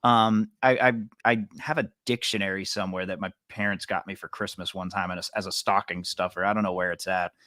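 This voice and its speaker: A man's voice: deep voice, steady tone, fairly quick, hardly any pauses, bright, forceful tone, dry recording. A man co-hosting a podcast, chatting casually in a rambling, laid-back way. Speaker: podcast co-host. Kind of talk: casual chat.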